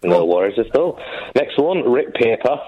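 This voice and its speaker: A man calling in to a radio show, reading out a list in a matter-of-fact, deadpan way. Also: medium pitch, normal speed, slightly rough, dry recording. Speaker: caller. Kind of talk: phone-in call reading out a list. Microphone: telephone line. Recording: dull phone line.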